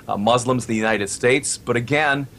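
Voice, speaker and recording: A man who heads a radio station, speaking as a talk show guest in a measured, deliberate way. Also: medium pitch, fairly bright tone, slight background noise.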